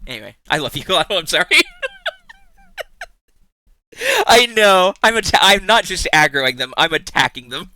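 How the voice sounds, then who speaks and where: A man's voice: high-pitched, wildly swooping pitch, moderate pace, pauses often, bright, forceful tone. A young man streaming live, chatting casually with his viewers, teasing them, swearing freely and laughing often.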